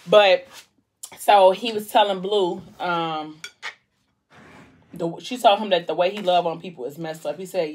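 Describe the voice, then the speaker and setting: A woman hosting a casual book chat at home, retelling a story with strong emotion and dropping her voice soft at the sad parts. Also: lowish voice, a little slow, pauses often, a little hiss or hum. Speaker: vlog host discussing a book.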